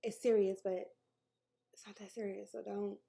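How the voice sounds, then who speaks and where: A woman's voice: medium pitch, little pitch movement, moderate pace, creaky, mellow, breathy edge. A woman, talking candidly and emotionally to camera in a personal vlog, sometimes dropping to a near-whisper and laughing between thoughts. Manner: laughs between thoughts, jokes about her news. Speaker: vlogger.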